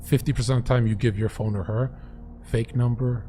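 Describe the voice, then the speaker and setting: A man's voice: mid-range voice, steady tone, brisk, dark tone, a little hiss or hum. A man telling crude, boastful stories in a blunt way on a casual livestream. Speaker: livestream guest.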